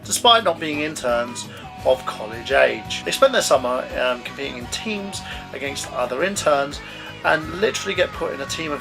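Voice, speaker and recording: A man's voice: a little high, creaky. A young man giving a blunt, chatty, opinionated film review. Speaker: movie reviewer.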